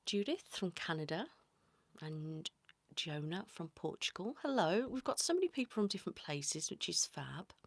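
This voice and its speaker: A woman hosting a whispered ASMR livestream, greeting viewers by name in a soft whisper. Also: lowish voice, very animated, moderate pace, no echo. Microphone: close sensitive mic.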